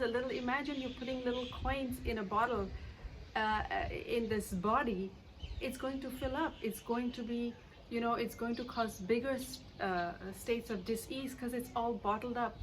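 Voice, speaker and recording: A woman's voice: medium pitch, slight background noise, rough recording. Conversational woman coach talking to camera. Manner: conversational, many fillers and anecdotes. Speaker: EFT coach and author. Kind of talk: casual talk to camera.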